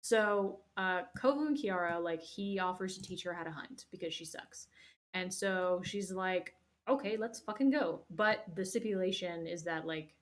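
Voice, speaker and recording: A woman's voice: on the low side, normal speed. A young woman hosting, recapping a movie casually in a rambling, profane way full of fillers. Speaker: host.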